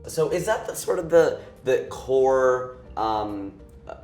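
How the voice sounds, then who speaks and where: A man's voice: medium pitch, expressive, slow, a little mellow, roomy sound, faint music behind. A man hosting an interview, chatty and jokey, rambling through questions and stories. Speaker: host, comedian. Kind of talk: casual interview chat.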